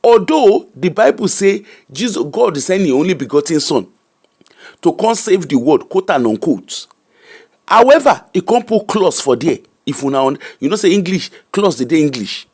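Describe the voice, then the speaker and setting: A man's voice: a little high, very animated, moderate pace, darkish tone, breathy edge. A middle-aged Nigerian man with a Nigerian accent, hosting an emphatic, preacher-like commentary that mixes Pidgin and English. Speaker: host.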